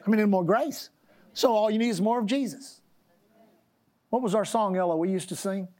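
Preaching in a warm, medium-pitched voice, a woman reads scripture with slow emphasis and asks the congregation to echo her phrases. She occasionally coughs and clears her throat.

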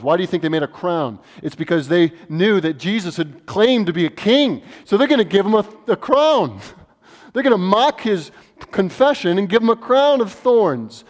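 A man preaching an expository sermon, emphatic, full of rhetorical questions, moving from hushed tones to fervent bursts. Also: fairly high pitch. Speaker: pastor. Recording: long reverb of a large hall.

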